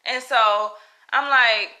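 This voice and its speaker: Southern US woman, crisp bright tone, casual chatty storyteller, often checks in with her listener. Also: on the high side, fairly even intonation, slow pace. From Southern United States. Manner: chatty, emphatic, often adds "right?" and "you know?".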